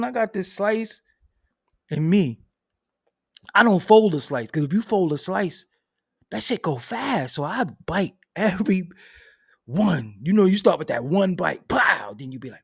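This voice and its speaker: A man hosting a casual live stream, answering chat in a loud, laughing, profane way that swings from mumbling to shouting. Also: high-pitched, expressive, measured pace, vocal fry, slightly rough, dry recording, studio quality. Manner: reads and answers viewer chat. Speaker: host.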